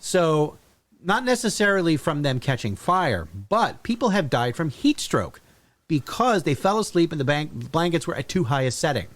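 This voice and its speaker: A man co-hosting a relaxed podcast chat. His voice sits in a middle register but moves around a lot in pitch. He lays out facts in a steady, matter-of-fact way, with the odd filler. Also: normal speed. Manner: lively, matter-of-fact reading of safety facts. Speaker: podcast co-host. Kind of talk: casual chat.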